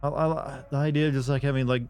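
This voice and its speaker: A man's voice: medium pitch, flat delivery, fast, a little mellow, clear, resonant tone. A man on a live game stream chatting casually with viewers, rambling and offhand, with frequent swearing and restarts.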